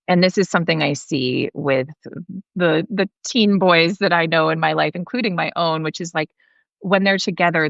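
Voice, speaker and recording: A woman's voice: fairly low pitch, creaky, a bit bright, no room sound, muffled recording. A woman in her forties talking earnestly as a parenting guest in an interview, with many fillers and restarts. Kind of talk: conversational interview.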